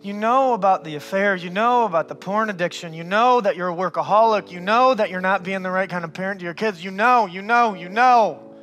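A man with a very high, bright and forceful voice preaches a sermon. He talks to the room like a friend, keeps saying "man", and swings from loud bursts to near-hushed passages. Soft music plays faintly behind him. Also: a little fast. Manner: calls listeners "man". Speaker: pastor.

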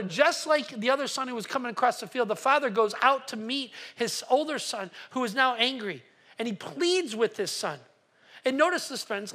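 Preacher, sermon, forceful, husky, animated storyteller, repeated restarts. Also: mid-range voice. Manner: animated storytelling, acting out voices, stammering restarts. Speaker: pastor. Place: church service.

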